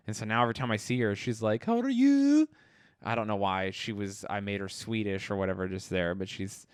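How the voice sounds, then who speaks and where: A man in his thirties co-hosting a podcast in casual chat, animated and quick to laugh, acting out quotes in a higher voice. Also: smooth, no echo, studio quality. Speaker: podcast co-host.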